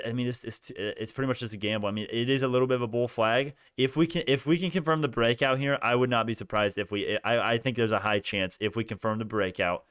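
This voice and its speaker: A young man hosting a stock market livestream, talking straight to his chat viewers with lots of restarts and growing excitement. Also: medium pitch, smooth, dry recording, studio quality. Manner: animated, talks to chat viewers, many restarts, rising excitement. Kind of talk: excited live market commentary.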